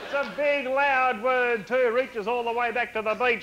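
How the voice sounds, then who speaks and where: A man with an Australian accent doing a brash stand-up routine, rattling off lists and shouting punchlines. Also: high-pitched, expressive, moderate pace, hardly any pauses, very noisy. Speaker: stand-up comedian.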